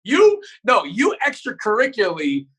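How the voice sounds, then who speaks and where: A male comedian riffs as a podcast guest, his voice high and husky with big swings in pitch. He talks in animated, joking bursts and swears freely. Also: moderate pace, poor audio. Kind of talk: casual chat.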